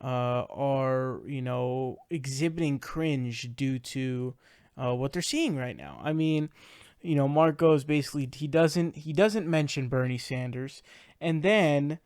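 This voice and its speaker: A man's voice: mid-range voice, unhurried, a little mellow, clean tone, no echo, studio quality. A man giving casual political reaction commentary, ranting in exasperation with frequent swearing.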